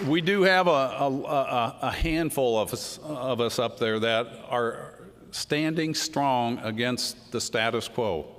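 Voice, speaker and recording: A man's voice: medium pitch, slow, a bit bright, some chatter behind. A man with a drawl gives a political speech at a tribute event. He talks in a folksy, storytelling way and acts out the exchanges he is describing. His voice carries a long reverb from a large hall. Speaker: congressman giving a speech.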